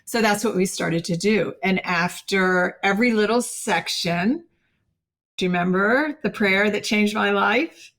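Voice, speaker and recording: A middle-aged woman, a podcast guest, telling a personal faith story in an earnest, animated way and acting out quoted dialogue. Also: medium pitch, measured pace.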